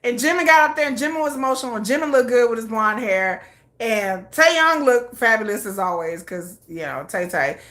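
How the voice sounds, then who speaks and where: A middle-aged woman hosting a casual K-pop news chat, chatty and excitable, often slipping into quick acted quotes. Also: a little high.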